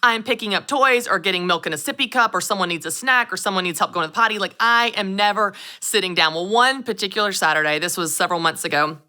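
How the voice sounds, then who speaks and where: Animated woman, thirties, motivational host talking to camera; bright tone. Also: medium pitch, quick pace, hardly any pauses. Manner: animated storytelling, addresses the audience directly. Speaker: show host and business coach.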